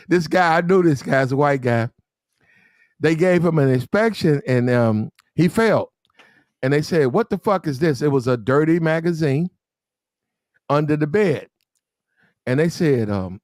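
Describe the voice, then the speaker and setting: Casual podcast host, male, high-pitched, crude and animated storyteller. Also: dry recording, clean studio sound. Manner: rambling, profane, animated storyteller.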